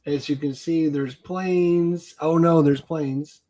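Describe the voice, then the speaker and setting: Stream host guy on a video call, kinda high voiced, excited, says stuff twice. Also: slow. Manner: enthusiastic, repeats himself for emphasis. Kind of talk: casual live-stream chat.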